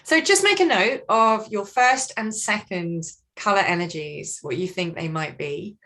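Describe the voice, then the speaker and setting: Animated woman leading a training workshop. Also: mid-range voice, measured pace. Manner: animated, expressive, acts out colleagues. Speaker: workplace communication trainer. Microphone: video call.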